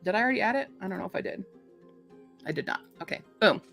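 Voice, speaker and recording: A woman's voice: mid-range voice, expressive, very fast, gravelly, long pauses, fairly bright tone, no room sound, faint music behind. A stuffy-nosed woman hosting a book video, reading blurbs and chatting casually, joking and swearing freely.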